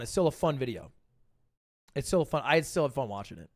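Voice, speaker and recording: A man hosting a livestream, chatting casually in a rambling, joking way with quick asides. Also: mid-range voice, sing-song. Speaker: livestream host. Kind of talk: casual reaction-stream chat.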